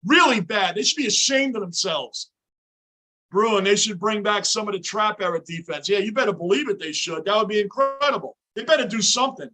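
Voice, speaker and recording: Male stream host, high pitch, sharp tone, intense fan ranting live from a home basement. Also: brisk. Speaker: livestream host. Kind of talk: live sports reaction commentary.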